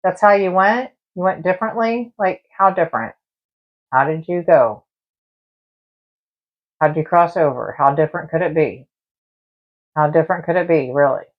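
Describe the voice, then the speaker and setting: A woman with a lowish voice hosts a spiritual tarot and spirit box live stream, talking at normal speed and pausing often, with the high frequencies cut off in the recording. She chats casually, addressing both her viewers and the spirits directly.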